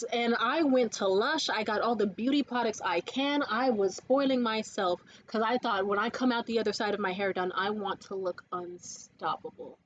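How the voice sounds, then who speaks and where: A woman talking in a casual life-update vlog, telling stories in a lively, profane way from a room indoors. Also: fairly high pitch, moderate pace, hardly any pauses, muffled recording. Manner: profane, animated storytelling. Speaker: vlogger.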